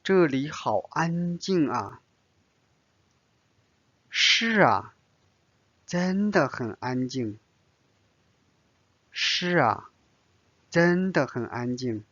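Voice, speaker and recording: Chinese-native man teaching a lesson, very slow and patient, dry dull sound. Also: medium pitch, expressive, fairly bright tone, dry recording. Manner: slow, careful explanations with many fillers. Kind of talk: language lesson.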